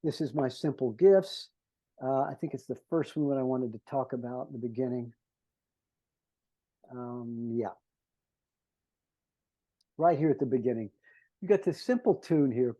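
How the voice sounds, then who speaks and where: A man's voice: medium pitch, lively intonation, unhurried, long pauses, mellow, highs cut off. A man, a composer, earnestly explaining his scores to conductors and humming melodies to make his points. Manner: earnest teacher who hums melodies to illustrate.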